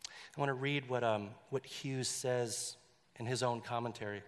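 A man's voice: medium pitch, steady tone, normal speed, big-room sound. A male pastor preaching in a conversational way, with joking asides and a story read aloud.

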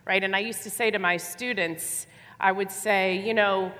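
A woman's voice: medium pitch, steady tone, normal speed, a bit bright. A woman preaching a sermon, speaking with emphasis, repeating her phrases and putting rhetorical questions to her listeners. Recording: long hall reverb.

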